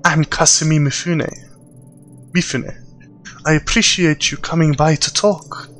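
A man's voice: a little high, steady tone, measured pace, a bit bright, faint music behind. A man putting on a cold Russian-accented crime boss woman. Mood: cool menace. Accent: put-on Russian accent. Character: cold female yakuza boss, composed and menacing.

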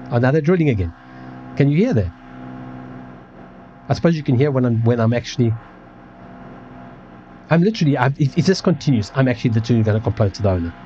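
A man's voice: mid-range voice, expressive, fast, long pauses, mellow, dull audio, slight background noise. A man hosting a casual livestream from his apartment, rambling and swearing with many restarts. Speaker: livestream host. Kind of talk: casual ranting chat. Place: home apartment.

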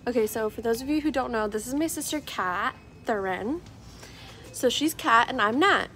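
A woman's voice: fairly high pitch, normal speed, bright, forceful tone. A bubbly young woman in her twenties, chatting playfully on a handheld camera while walking through shops. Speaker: vlogger. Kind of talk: casual vlog chat. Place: shops and a restaurant, indoors.

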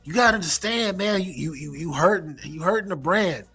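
A middle-aged man hosts his own sports channel and vents in a heated rant, circling back to the same points and cursing. His voice sits high, bright and edged, with a husky grain, and faint music plays behind him. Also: animated, fairly quick. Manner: heated, emphatic, repeats himself, swears. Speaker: sports commentary host. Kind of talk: ranting sports reaction.

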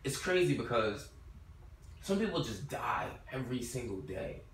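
A man's voice: medium pitch, lively intonation, normal speed, gravelly. A man co-hosting a podcast, chatting casually in a loose, slangy way full of "like". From Brooklyn. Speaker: podcast co-host. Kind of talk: casual chat. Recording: roomy, distant mic, faint noise.

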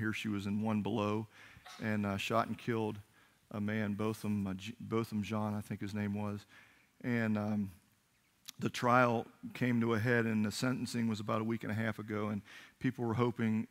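A male pastor preaching a sermon, telling a Bible story with animated delivery and acting out the characters' voices. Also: fairly low pitch, gravelly. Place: church.

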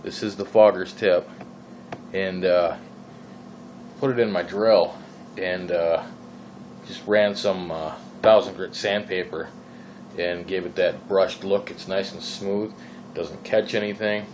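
A man's voice: low-pitched, fairly even intonation, takes it slowly, long pauses, a little mellow, slight background noise, poor audio. A man from Minnesota with a Minnesotan accent, rambling casually in his vlog, full of fillers and exasperated questions. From Minnesota, USA. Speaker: vlogger. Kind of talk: casual vaping vlog rant.

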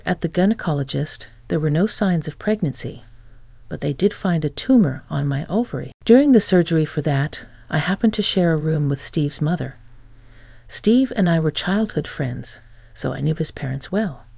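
A woman narrating a scripted first-person revenge story with a sarcastic, mocking edge. Her voice is gravelly, with a dark, mellow tone. The recording is close and dry. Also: sits low, no echo.

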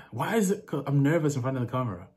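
A man's voice: medium pitch, sing-song, fast, a little mellow. A young man vlogging casually to camera, chatty and laughing, with street slang. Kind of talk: casual vlog talk to camera.

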